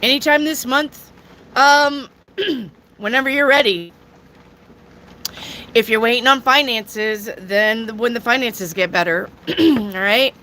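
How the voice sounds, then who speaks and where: A woman with a bright, clear voice reads tarot cards live for her viewers. She talks slowly and chattily, tossing in jokes and the odd crude aside. A faint hum of ambient noise sits behind her. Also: a little high. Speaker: tarot reader. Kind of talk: casual live tarot reading.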